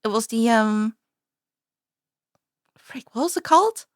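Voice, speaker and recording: A woman's voice: fairly high pitch, expressive, slow pace, dry recording, clean studio sound. A woman streamer chatting casually as she reacts to a video, giggling, exclaiming and apologizing often.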